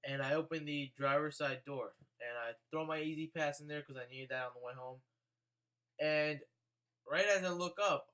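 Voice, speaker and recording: A man's voice: fairly high pitch, fairly bright tone, clear, resonant tone. A young man telling a car-buying story in a casual, profane vlog. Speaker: vlogger.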